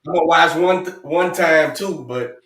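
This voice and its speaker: Easygoing male coach, fairly high voice, roomy echo. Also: a little slow, a bit bright. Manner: laid-back, says "man" constantly. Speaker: boxing coach. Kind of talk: casual chat.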